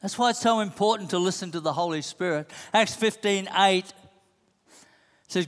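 A man with a high voice preaches a sermon at a moderate pace, emphatically repeating the same rhetorical questions. He's in a church hall, and the recording carries a long hall reverb.

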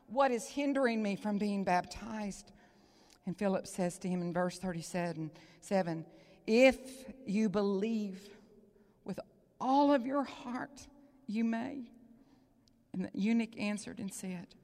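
Lady preacher, gets loud then drops to a whisper, emotional, echoey big hall. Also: mid-range voice, a little slow. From Texas. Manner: swings from loud proclaiming to hushed whispers; emotional, near tears. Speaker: guest preacher. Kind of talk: emotional sermon. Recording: long hall reverb.

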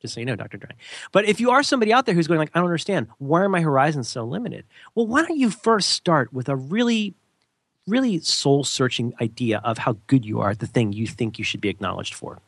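A man holding forth on a podcast, his pitch leaping up and down as he makes his points. He talks emphatically, often jumping into mocking voices of other people. The sound is dry and close, with no room echo. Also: fast, husky. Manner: animated, jumps into mock voices, emphatic. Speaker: podcast co-host. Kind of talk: casual podcast rant.

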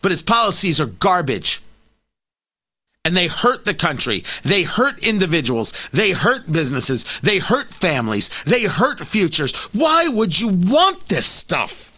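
High, lively, bright-voiced male commentator. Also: measured pace. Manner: emphatic, repetitive, sarcastic asides. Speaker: talk show host. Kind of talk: opinionated political commentary.

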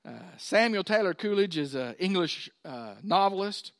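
A middle-aged pastor preaches in a folksy, conversational style, turning to his congregation with asides. His voice sits high for a man, and the sound is close and dry. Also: animated, moderate pace, fairly bright tone, no room sound. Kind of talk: sermon.

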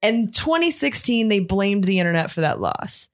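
A woman's voice: mid-range voice, sing-song, moderate pace. A woman co-hosting a podcast, sarcastic and opinionated in casual banter.

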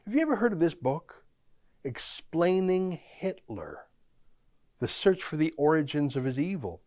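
A man's voice: fairly high pitch, very animated, measured pace, a little mellow, no echo, studio quality. A man hosting his own podcast, delivering a political commentary monologue full of emphatic rhetorical questions. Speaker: podcast host.

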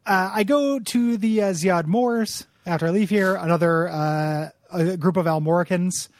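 This co-host's voice is high-pitched and moderately paced, recorded in clean studio sound without echo. Chatting casually on the podcast, he meanders through a video game recap, laughing along and voicing the characters' lines.

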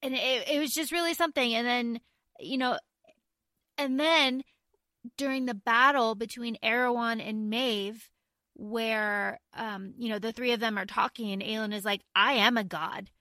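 Woman podcast cohost, kinda high bright voice, dry mic, excited book chat. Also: dry recording. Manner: enthusiastic, quick, casual swearing. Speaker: podcast co-host. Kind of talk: casual book discussion.

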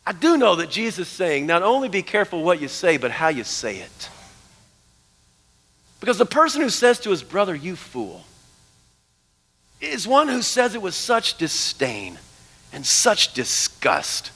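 A man preaching a sermon as pastor, animated, dropping to hushed tones for emphasis. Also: high-pitched, normal speed. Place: church sanctuary. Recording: long church hall reverb.

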